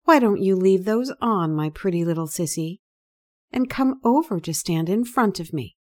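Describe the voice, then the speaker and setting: A woman voicing a dominant mistress who speaks in a soft, soothing but commanding voice for an erotic story reading. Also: medium pitch, expressive, moderate pace, close to an everyday voice. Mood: coaxing.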